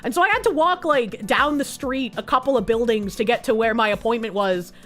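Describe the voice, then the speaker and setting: A woman streamer chatting casually on a livestream, reading posts aloud and telling an animated story in which she acts out both sides. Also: fairly high pitch, fairly quick, soft background music.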